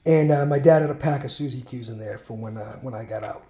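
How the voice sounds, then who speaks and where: A man spins a loose, rambling anecdote while sorting cards, often trailing off into quiet side remarks. His voice sits at an ordinary pitch and sounds warm and mellow. The recording carries an echoey room sound. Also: fast talker. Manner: rambling, digressive, breaks off for muttered asides. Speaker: card collection vlogger.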